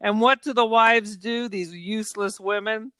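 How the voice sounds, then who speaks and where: A woman's voice: mid-range voice, steady tone, moderate pace, bright, forceful tone, clear, resonant tone, no room sound, lightly acted. A woman reading aloud as a cold, misogynist middle-aged uncle delivering a long, contemptuous monologue.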